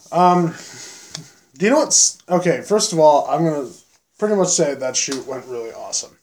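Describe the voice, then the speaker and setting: A young man hosting a casual podcast chat, animated and swearing freely as he tells stories. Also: medium pitch, normal speed. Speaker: podcast host and film director.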